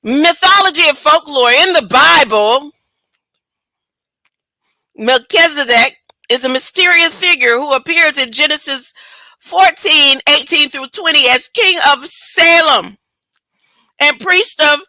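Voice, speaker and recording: A high-pitched woman with lively intonation and a sharp tone leads an informal Bible study in a dry recording. Her reading is drawn-out and stop-and-start, broken up by chatty asides and rhetorical questions.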